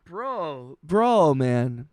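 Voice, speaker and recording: A man streaming music production, chatting casually with his chat, halting and heartfelt, often restarting and swearing with lots of "bro" and "dude". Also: on the high side, big pitch swings, no room sound, studio quality. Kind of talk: casual livestream chat, reading chat messages.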